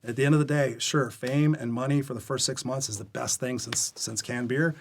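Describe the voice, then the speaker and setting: A man guesting on a podcast, talking at a rapid clip in a voice that is neither high nor low. He tells his stories with energy and candor. He slips into the other characters' lines as he recounts them. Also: creaky, a little hiss or hum. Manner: energetic, candid storyteller who acts out quoted dialogue. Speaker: guest coach. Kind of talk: storytelling interview chat. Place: podcast recording.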